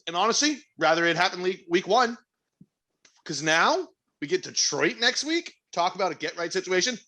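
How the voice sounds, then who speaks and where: A man's voice: sits high, sing-song, normal speed, bright, forceful tone. A young man co-hosting a podcast, chatting casually and telling stories with lots of swearing and laughter. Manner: profane, laughing storyteller. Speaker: podcast co-host. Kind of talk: casual chat.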